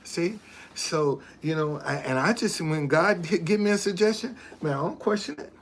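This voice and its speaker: A man's voice: fairly high pitch, normal speed, a little hiss or hum. A man hosting a casual live stream, talking earnestly, repeating himself and thanking viewers as he goes. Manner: shows items to the camera while talking.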